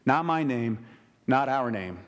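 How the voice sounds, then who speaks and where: A man preaching a sermon in a conversational style, with emphatic asides and quick restarts. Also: medium pitch, expressive. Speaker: pastor. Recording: reverberant hall.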